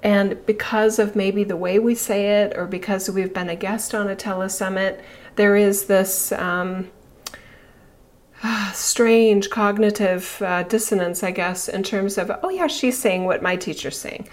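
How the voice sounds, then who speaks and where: A middle-aged woman spiritual teacher speaking slowly and haltingly, emotional and near tears, with pauses and sighs. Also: medium pitch, fairly even intonation. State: emotional, tearful. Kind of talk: reflective spiritual talk.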